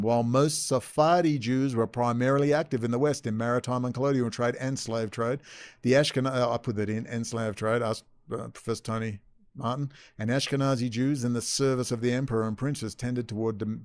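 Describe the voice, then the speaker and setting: A man's voice: mid-range voice, darkish tone, dry recording. A man hosting a commentary video, reading texts aloud with sarcastic asides. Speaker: video host.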